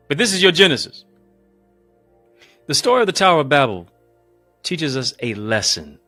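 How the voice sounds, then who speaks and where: A male motivational speaker delivering a preaching-style speech, emphatic and rhythmic with lots of repetition, swinging between booming lines and hushed ones, calling his listeners family. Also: very animated, moderate pace, long pauses, no room sound, faint music behind. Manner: addresses live viewers as family.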